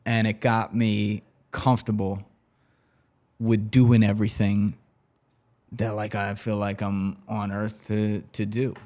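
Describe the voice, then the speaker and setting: A man with a fairly low voice spins casual stories as a podcast guest. He talks loosely, swears freely and laughs his way through his anecdotes. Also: little pitch movement, takes it slowly, darkish tone. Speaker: guest, former banker turned interviewer.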